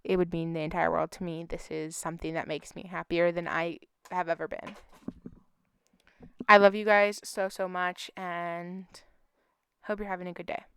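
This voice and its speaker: A woman's voice: on the low side, flat delivery, normal speed, fairly bright tone, clean tone. A woman hosting a missing-persons channel, speaking in a heartfelt, emotional way as she pleads with viewers for help. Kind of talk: earnest appeal to viewers.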